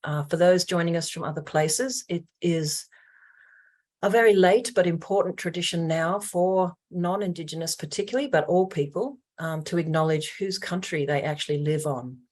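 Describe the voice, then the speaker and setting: An Australian woman with a low voice opens an online webinar as host. She speaks earnestly and formally, with plenty of ums and uhs along the way, heard over a video call. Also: moderate pace, a little mellow.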